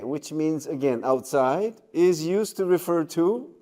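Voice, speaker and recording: A man giving a university lecture, checking in with the class and pausing on fillers. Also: fairly high pitch, warm tone. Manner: slow, with many fillers and checking questions. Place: lecture room.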